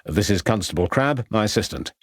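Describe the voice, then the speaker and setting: A man's voice: lowish voice, expressive, no echo, clean studio sound. A man playing a polite, methodical middle-aged police inspector. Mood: measured. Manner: polite, measured.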